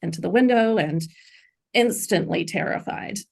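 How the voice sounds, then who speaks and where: A woman's voice: mid-range voice, moderate pace, gravelly, a little mellow. A middle-aged woman, a podcast guest, earnestly recounting a personal story in an interview.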